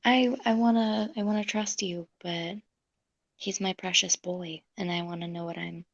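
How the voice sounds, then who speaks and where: A woman player in a tabletop role-playing game, speaking earnestly and softly in character. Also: fairly low pitch, steady tone, moderate pace, creaky, no echo, muffled recording.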